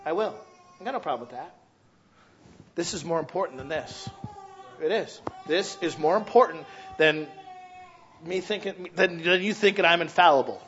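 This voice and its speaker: A man pastor preaching a sermon in a church, animated, asking questions aloud and acting out what people say. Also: on the high side, moderate pace, pauses often, muffled recording. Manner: animated preaching, acting out quoted voices, shouts rhetorical questions.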